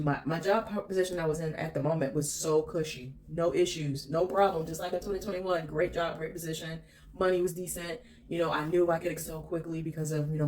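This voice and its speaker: A woman's voice: low-pitched, darkish tone. A woman vlogger telling a personal story in an emphatic, candid way, swearing freely.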